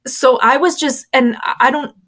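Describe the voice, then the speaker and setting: A young woman being interviewed, telling a long personal story in a casual, animated way, often laughing and acting out what others said. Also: high voice, a little slow. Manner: animated, talkative, laughs often, acts out quoted speech. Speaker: former church member interviewee.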